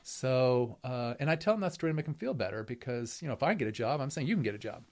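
A man's voice: mid-range voice, animated, quick pace, darkish tone. A middle-aged man, a professor being interviewed, telling a long story in a wry, rambling way, with many fillers and restarts. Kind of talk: storytelling conversation.

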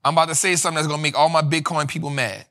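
A man hosting a finance show, talking in energetic casual commentary, slangy and animated, repeating lines for emphasis. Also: a little high, rapid-fire.

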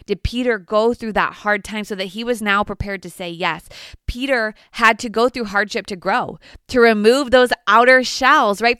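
A woman's voice: mid-range voice, fairly bright tone, clean tone, no room sound, clean studio sound. A woman giving an earnest devotional Bible teaching, retelling stories with playful asides.

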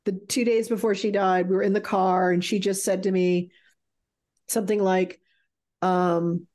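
A woman's voice: fairly low pitch, fairly even intonation, moderate pace, a little mellow. A middle-aged woman telling a frank, emotional personal story as an interview guest, swearing freely.

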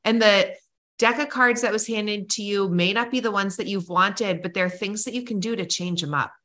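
Bright-voiced woman podcast co-host. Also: medium pitch, normal speed. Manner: warm, encouraging, animated storyteller. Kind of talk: casual chat.

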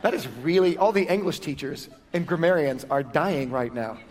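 A man preaches in an easygoing, chatty way and corrects himself mid-phrase as he teaches. His voice sits noticeably high for a man. It has the feel of a relaxed Sunday sermon with a short prayer and scripture teaching. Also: normal speed. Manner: conversational, lively, self-correcting preaching. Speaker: pastor.

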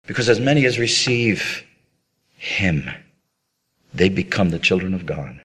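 A man's voice: sits low, expressive, measured pace, long pauses, sharp tone, slightly rough. A man preaching a sermon in an earnest, appealing way, with dramatic rises and drops in his voice.

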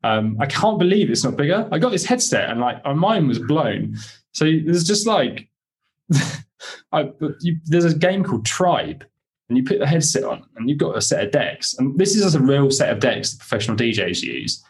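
A young man, a podcast guest, telling excited, rambling stories in casual chat with many fillers. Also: fairly high pitch, moderate pace.

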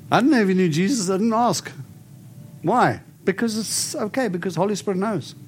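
A man preaching and praying over people in an animated, storytelling way. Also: high voice, normal speed, soft background music. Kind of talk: prophetic ministry preaching and prayer.

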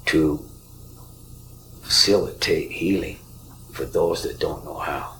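Deep, gravelly man telling spiritual stories. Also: a little hiss or hum, poor audio. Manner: slow, soft-spoken, often whispering. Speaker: podcast host. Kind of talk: spiritual storytelling.

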